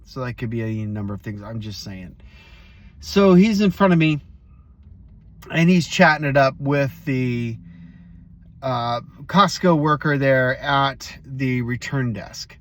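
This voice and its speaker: A man's voice: medium pitch, expressive, a little slow. Casual storytelling male host. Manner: casual, storytelling, addresses viewers directly. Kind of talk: motivational vlog talk.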